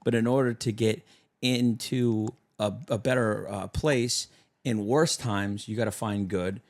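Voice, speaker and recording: A man's voice: fairly low pitch, fairly even intonation, unhurried. Young male podcast host, loose and rambling, filler-heavy casual chat. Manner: rambling, full of fillers and restarts.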